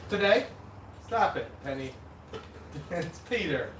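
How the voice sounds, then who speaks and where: A man forging metal as he chats casually with a livestream audience and greets viewers by name in a relaxed, talkative way. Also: a little high, takes it slowly, far from the mic. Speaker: blacksmith streamer. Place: metal forge workshop. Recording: echoey workshop from off-mic with loud forge noise.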